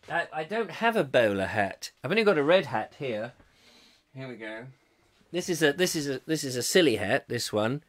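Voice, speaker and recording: A man hosts a comic chat show live on a webcam from home, rambling playfully and joking as he reads out viewer comments. His voice is bright and animated, and it swoops up and down all the time. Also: a little high, brisk. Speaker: host. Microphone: webcam, live stream.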